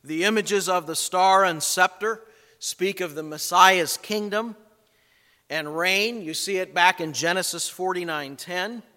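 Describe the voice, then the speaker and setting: A male pastor preaching a sermon, telling a scripture story in a folksy way with little jokes and asides. His voice sits high for a man. A long reverb of a church hall follows every phrase. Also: measured pace, bright, forceful tone.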